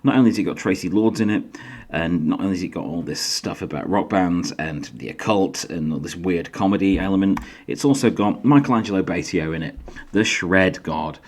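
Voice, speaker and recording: A middle-aged man with a faded Yorkshire accent, hosting his own casual vlog in a chatty, self-deprecating way. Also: fairly quick. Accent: faded Yorkshire English. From Yorkshire, England. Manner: chatty, self-deprecating, lively pitch jumps. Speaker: YouTube host and author.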